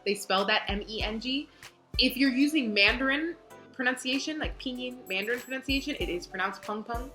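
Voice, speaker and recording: A young woman, a book reader and fan host, chats casually with live stream viewers over a phone mic. Her voice sits on the high side with a sharp tone and a slightly fast pace. She's bubbly and full of fillers, with faint music in the background.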